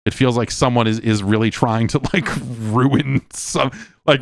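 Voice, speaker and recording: A man's voice: medium pitch, measured pace, vocal fry, no room sound, studio quality. A middle-aged man hosting a solo podcast, rambling and exasperated, swearing often and restarting sentences. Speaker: podcast host. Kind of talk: casual solo podcast rant.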